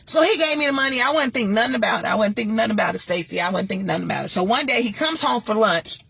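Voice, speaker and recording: Woman host, raspy and gravelly, preachy and blunt, casual advice vlog. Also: fairly high pitch, expressive, rapid-fire, a bit bright. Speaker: talk show host and former radio DJ. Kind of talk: casual advice monologue with personal story.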